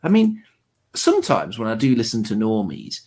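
A man's voice: fairly low pitch, huge pitch swings, moderate pace, darkish tone, husky. A man from England hosting a stream, chatting casually in a teasing, sardonic way. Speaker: stream host. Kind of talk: casual chat.

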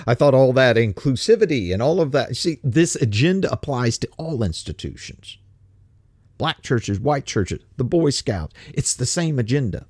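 Man, talk show host, indignant monologue, mocking tone, lively swinging pitch, dry close sound. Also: no echo. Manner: climbs to heated, emphatic peaks, then drops low and slow.

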